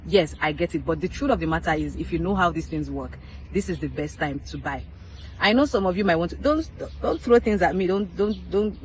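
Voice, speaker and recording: A woman's voice: low-pitched, slight background noise, low-quality recording. A chatty woman vlogging to her viewers, stressing and repeating each point with playful teasing asides. She talks in an easy, unscripted way from a public spot where people pass by. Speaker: crypto vlogger. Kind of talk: casual advice vlog.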